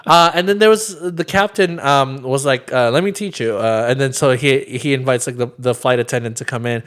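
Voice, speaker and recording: A man's voice: mid-range voice, a bit bright, clear, resonant tone. Male podcast co-host, casual and rambling, laughs easily. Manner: rambling, heavy with fillers, quick to laugh. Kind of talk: casual chat.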